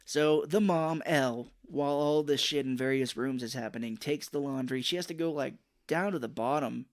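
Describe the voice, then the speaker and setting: Casting: man, podcast co-host, chatty movie recap, mid-range voice, breaks into shrill character bits. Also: normal speed. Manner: animated retelling, jumps into high-pitched voices for characters. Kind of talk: casual movie recap chat.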